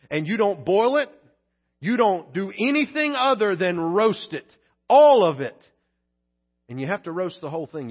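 A man delivers a conversational sermon in a high register. He drops to hushed tones and then rises to emphatic peaks, now and then acting out little asides. The recording sounds dull and lo-fi. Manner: conversational preaching with acted-out asides. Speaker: pastor.

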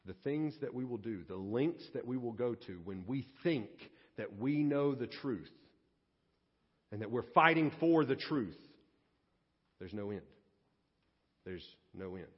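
Pastor guy preaching, big swings loud to quiet, kinda husky, long church echo, dull lo-fi sound. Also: mid-range voice, lively intonation, measured pace. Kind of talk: sermon.

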